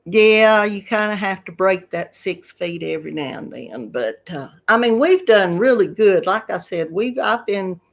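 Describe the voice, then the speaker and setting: A Southern woman in her fifties talks unhurriedly to her viewers, drawing out her words in a relaxed, homey ramble. Her pitch sits in an ordinary middle range, and she breaks into laughter easily between stories. The live-stream talk is loose and unscripted. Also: unhurried, creaky, hardly any pauses. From Georgia, USA. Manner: chatty, laughs often, drawling. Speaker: YouTube craft channel host. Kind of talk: casual live-stream chat.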